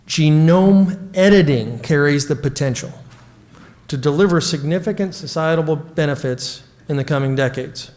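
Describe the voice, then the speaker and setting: Middle-aged male official, slightly high voice, prepared speech, emphatic and measured, occasional stumbles. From United States. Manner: measured, emphatic, reads from notes with small slips. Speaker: trade negotiator giving a policy speech.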